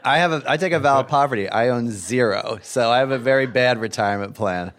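A man's voice: medium pitch, quick pace, a bit bright. A man, a priest sitting on a quiz show panel, making wry jokes. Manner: wry, joking. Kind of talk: joking panel banter. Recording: live audience in the room.

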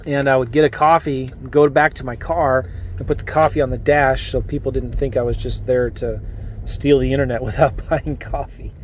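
A middle-aged man hosting a podcast, talking casually and earnestly from a parked car, with energetic restarts and rambling asides. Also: medium pitch, normal speed, slight background noise. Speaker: podcast host and coach. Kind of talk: casual motivational podcast monologue.

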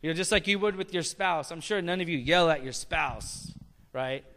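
A man's voice: fairly high pitch, moderate pace, a bit bright, in a large hall. A male pastor preaching a sermon in a conversational way, asking the congregation questions and slipping in light jokes.

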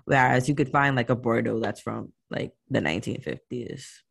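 A podcast host reading wine history from a script at an even pace, slipping into slangy casual asides between the facts. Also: medium pitch, normal speed, creaky, hardly any pauses, breathy edge. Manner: reads steadily, then drops into slangy asides.

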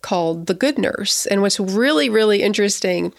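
A woman in her thirties hosts a podcast in a chatty, excitable voice that keeps restarting sentences. Her pitch sits in the middle range. The sound is dry and close. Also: moderate pace, vocal fry, no echo. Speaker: podcast host. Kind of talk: casual podcast chat.

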